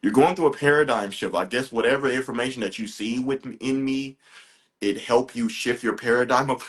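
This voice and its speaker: A man's voice: mid-range voice, a little fast, fairly bright tone. A man hosting a live stream as a spiritual reader, chatting casually and with enthusiasm, repeating himself for emphasis. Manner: enthusiastic, repetitive, salesy asides.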